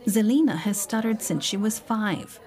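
Calm woman narrating a documentary. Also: medium pitch, faint music behind. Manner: calm, measured, explanatory. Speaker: documentary narrator and voice-over translator.

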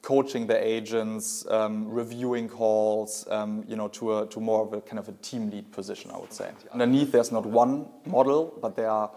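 A man with a fairly low, mellow voice answering interview questions. He hesitates and restarts phrases often. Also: steady tone, normal speed, hardly any pauses. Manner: hesitant, repeats words.

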